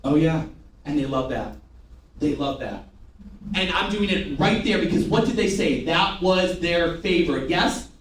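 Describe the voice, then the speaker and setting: Male sales trainer, high pitched, energetic, recorded from a distance in a reverberant room. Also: a little slow. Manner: energetic, rhetorical questions, call-and-response with the room. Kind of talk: live sales training demonstration. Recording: echoey room from far off, faint noise.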